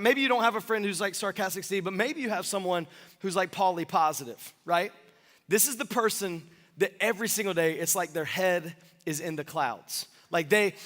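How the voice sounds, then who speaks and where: A man in his thirties preaches to his congregation with bright, high energy, joking and asking the room questions as he goes. His voice sits high and sharp. The sound carries the long reverb of a church hall. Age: 30s. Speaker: pastor. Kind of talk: sermon. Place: church sanctuary.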